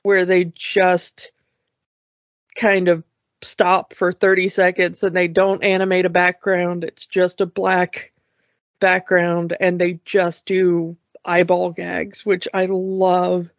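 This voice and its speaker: A woman's voice: lowish voice, completely flat delivery, slow, no room sound, dull audio. Chatty woman reviewing cartoons. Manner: chatty, enthusiastic, many restarts. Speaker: podcast co-host. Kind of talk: casual cartoon review chat.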